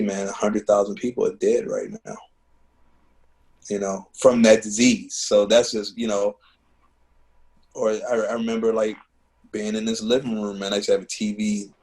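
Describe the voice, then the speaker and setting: Earnest, low-voiced man telling heartfelt stories. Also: darkish tone, rough recording. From Baltimore. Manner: earnest, heartfelt, with many fillers like "man" and "you know". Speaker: guest musician and teacher. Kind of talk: reflective conversational storytelling. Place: home living room.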